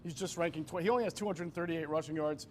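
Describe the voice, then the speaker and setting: A man with a slightly raised pitch hosting a pregame football show, upbeat and brisk as he reads promos and sets up questions. A faint low rumble sits under the recording. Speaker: show host.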